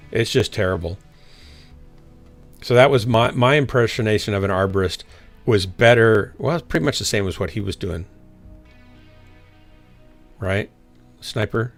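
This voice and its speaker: A man streaming a game and telling a rambling story in casual chat, full of fillers and restarts. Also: lowish voice. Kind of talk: casual chat while gaming.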